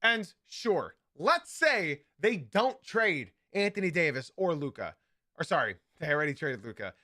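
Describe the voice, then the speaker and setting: An animated man hosting a live basketball podcast, his pitch swinging widely as he drives his points home. He repeats key lines for emphasis, and his bright, forceful voice sits close in a dry room with no echo. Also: measured pace. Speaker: podcast host.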